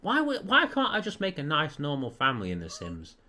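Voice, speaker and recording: A man's voice: on the high side, huge pitch swings, a little fast, bright, forceful tone. A man commenting on a video game he is playing, sarcastic and prone to laughing and swearing. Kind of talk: let's play commentary.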